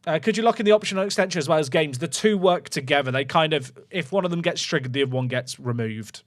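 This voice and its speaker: A man's voice: a little high, quick pace. A man chatting casually to viewers while he plays a football management game on stream, thinking aloud. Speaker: gaming streamer. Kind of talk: casual livestream commentary.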